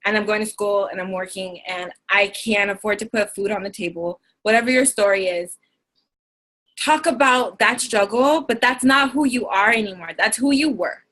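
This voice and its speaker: A young woman talks over a video call with a bright voice at a middle pitch. She encourages her listeners earnestly and works from notes. She sometimes pauses to search for the right word. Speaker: co-host of a team video call. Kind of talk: motivational talk from notes.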